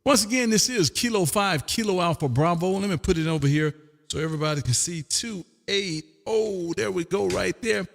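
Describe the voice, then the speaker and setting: A man from Texas hosting a ham radio livestream from his home radio room, loud, drawling out his call sign in a sing-song way and chatting with callers. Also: high-pitched, lively intonation, normal speed, gravelly, big-room sound. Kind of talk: ham radio calling and chat.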